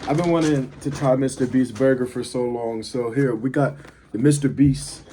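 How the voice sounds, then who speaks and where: A man's voice: mid-range voice, moderate pace, background noise. A man talking casually to camera, rambling with fillers as he reviews food and tells a story. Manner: laid-back, rambling with fillers. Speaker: vlogger.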